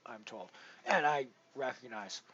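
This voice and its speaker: A man commentating his poker stream in a casual, rambling way, full of restarts, his loudness rising and falling as he goes. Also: mid-range voice, unhurried, muffled recording, a little hiss or hum. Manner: rambling, with many restarts and big swings in loudness. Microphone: headset.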